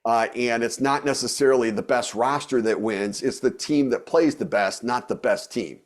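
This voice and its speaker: Casting note: middle-aged man, mid-pitched, chatty guest who rambles and restarts often. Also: normal speed. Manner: rambling, many fillers and restarts. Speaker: guest, former baseball executive and radio host. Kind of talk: casual podcast interview.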